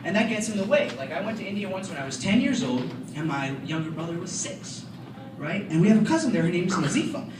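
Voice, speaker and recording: A teenage boy doing stand-up comedy, telling stories in an animated, self-mocking way on a school auditorium stage. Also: high voice, fast, noisy background. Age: teens. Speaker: student comedian. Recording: echoey hall mic from far off, loud laughter.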